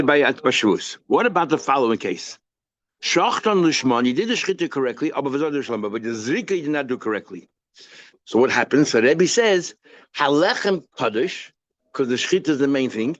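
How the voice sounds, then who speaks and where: The lo-fi recording captures a male rabbi of medium pitch teaching a daily Talmud page in a casual way. He poses questions and resolves them on his own, sprinkling Hebrew and Yiddish terms through his English.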